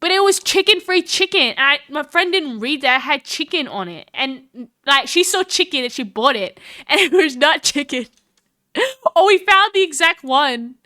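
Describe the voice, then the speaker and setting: A woman chatting casually on her live stream, animated and full of laughs and restarts. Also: high-pitched, normal speed, no room sound, studio quality.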